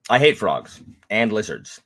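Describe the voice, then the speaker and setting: Low-voiced joking man. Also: sing-song, unhurried, fairly bright tone. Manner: joking, teasing, rambling. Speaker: booktube co-host. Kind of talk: casual livestream chat.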